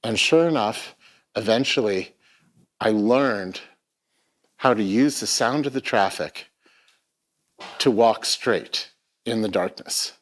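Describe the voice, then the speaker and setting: Man, middle-aged, reflective storytelling, halting delivery with repeated words, live talk on a theatre stage. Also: lowish voice, animated. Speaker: festival speaker.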